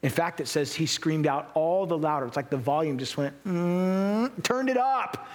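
A man's voice: on the high side, animated, normal speed. A man delivering a sermon, his voice sitting a little above the usual male range. He preaches earnestly and with emphasis, bringing Bible scenes to life as he tells them. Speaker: pastor.

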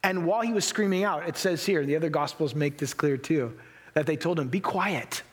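A man's voice: fairly high pitch, a little fast. A man preaching a sermon in an earnest, emphatic way, acting out Bible scenes as he goes. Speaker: pastor.

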